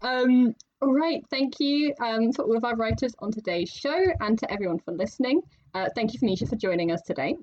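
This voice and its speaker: A woman's voice: on the high side, fairly quick, hardly any pauses, a little mellow, muffled recording. Chatty, laughing woman podcast host. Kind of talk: casual podcast chat.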